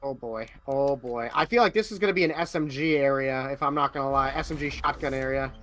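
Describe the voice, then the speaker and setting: A man playing a co-op zombie shooter, reacting excitably to what he sees. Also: mid-range voice, fast, a little hiss or hum. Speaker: co-op player. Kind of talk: casual gameplay chat.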